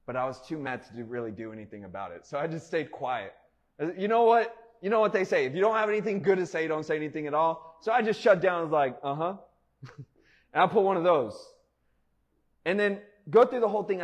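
A man's voice: a little high, fast. A man preaching a sermon in a conversational way, telling a personal story with frequent "like" fillers and laughter. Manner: conversational, animated, laughs often, many "like" fillers. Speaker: pastor.

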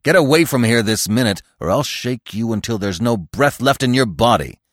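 A man's voice: medium pitch, expressive, normal speed, dry recording, studio quality, natural voice. A man reading a storybook and voicing an angry male deer who barks commands. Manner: commanding, gruff.

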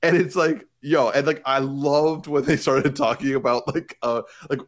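Excitable podcast co-host, rambling. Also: male voice, mid-range voice, normal speed. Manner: excitable, laughs often, rambling restarts. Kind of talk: casual chat.

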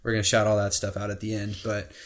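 A man's voice: fairly low pitch, monotone, fast talker. A young man hosting a podcast, chatting casually and hesitantly with lots of "um" and "like". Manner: hesitant, many fillers and restarts. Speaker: podcast host. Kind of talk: casual chat.

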